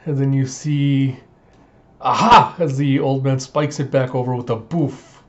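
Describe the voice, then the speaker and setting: A man casually recapping a manga chapter, acting out the characters' lines in quick, animated voices. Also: mid-range voice, dull audio. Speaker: manga reaction host.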